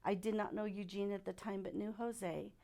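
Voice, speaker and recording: A middle-aged woman giving a personal testimony at church, speaking softly and haltingly with many pauses. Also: mid-range voice, fairly even intonation, gravelly. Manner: halting and soft-spoken, many pauses and fillers.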